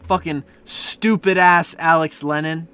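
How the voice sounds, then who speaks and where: Young male streamer with a high voice, swears a lot, swings from chill art commentary to shouting rants. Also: steady tone, measured pace, clean tone, faint music behind. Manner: casual, profane, flares into loud ranting. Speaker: streamer reviewing fan art.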